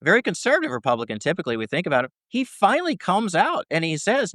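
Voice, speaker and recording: A man's voice: high-pitched, wildly swooping pitch, fast, hardly any pauses, a bit bright, no room sound, studio quality. A man answering interview questions as a scholar, talking in long explanations and checking in with "right?" between points. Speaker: First Amendment scholar guest.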